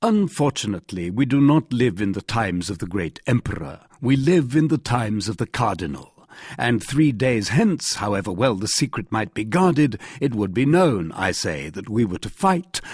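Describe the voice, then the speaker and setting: A man voicing a proud, gracious nobleman musketeer in an audiobook, speaking in a measured, ironic way. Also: on the low side, very animated, slightly rough, no echo, studio quality.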